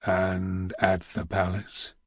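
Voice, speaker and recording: A man reading an audiobook, voicing a weary, heavy old vizier who speaks slowly in a deep, rumbling, almost whispered growl. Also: completely flat delivery, no echo, studio quality. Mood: grave. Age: older. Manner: slow, grave and weighty.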